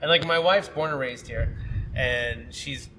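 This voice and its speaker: A man's voice: mid-range voice, unhurried, background noise. A man from Saint Louis chatting casually in a brewery, joking and swearing freely. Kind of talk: casual chat. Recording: busy brewery crowd behind.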